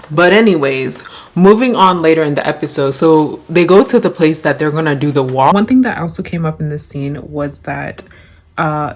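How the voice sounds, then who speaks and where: A woman giving casual commentary as a show reviewer, chatty and slangy, with many "like" fillers. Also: sits low.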